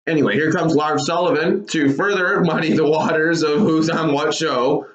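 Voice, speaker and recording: Here the wrestling YouTuber's pitch is fairly high, his intonation fairly even and his pace moderate. In this casual commentary he rambles with many self-corrections, over a roomy, muffled lo-fi recording.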